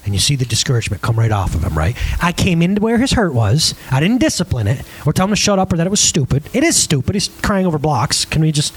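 A man preaching a lively sermon on parenting, acting out scenes and asking his audience questions. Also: a little high, fast talker, few pauses, a little hiss or hum. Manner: animated, acts out scenes in different voices; chatty, asks the crowd questions.

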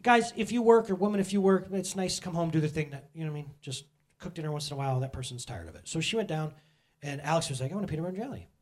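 A man's voice: on the high side, fast talker, hardly any pauses. A middle-aged man preaching a casual, conversational sermon, joking and talking straight to the congregation. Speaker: pastor.

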